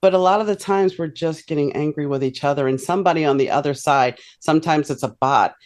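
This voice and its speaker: A woman's voice: deep voice, quick pace, a little mellow. A middle-aged woman hosting an interview, chatting casually and sharing personal anecdotes. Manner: conversational, tells personal anecdotes. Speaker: podcast host.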